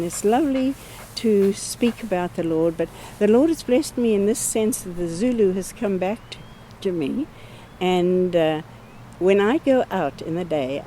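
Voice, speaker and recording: A woman's voice: mid-range voice, warm tone, a little hiss or hum, poor audio. An older woman from Africa, giving an earnest, heartfelt missionary update and repeating her thanks. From South Africa. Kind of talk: personal ministry update.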